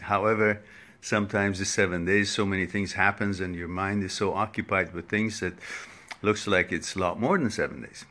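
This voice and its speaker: A man hosting a live online Q&A talk, greeting viewers one by one by name and stumbling over names in a casual, unhurried way. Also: low-pitched, steady tone, sharp tone. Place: home setup for a social media live stream.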